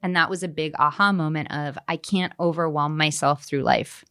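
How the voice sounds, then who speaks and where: Woman author guest, very low voice, dry close mic, candid and self-mocking. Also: moderate pace, a bit bright, dry recording. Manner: open and self-mocking, laughing mid-sentence. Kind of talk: candid podcast conversation.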